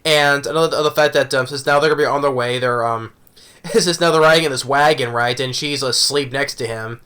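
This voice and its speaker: A man with a bright, forward voice talks through an anime episode in a loose, casual review. He rambles and circles back, often checking in with a quick "right?". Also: mid-range voice, fairly even intonation, smooth.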